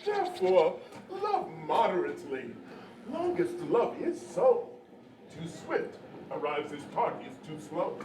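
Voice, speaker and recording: An actor playing a grave uncle who cautions the lovers and leads their vows on a live outdoor stage. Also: male voice, sits high, wildly swooping pitch, slow pace, exaggerated voice. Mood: solemn. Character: solemn older uncle who officiates a wedding. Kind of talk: live outdoor theater acting. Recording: distant echoey outdoor recording with noise.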